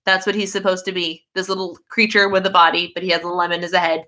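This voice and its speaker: Chatty woman with a bright voice. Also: on the low side, little pitch movement, fast talker. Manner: chatty and easily sidetracked, with many fillers. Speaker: YouTube livestream host. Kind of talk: casual livestream chat.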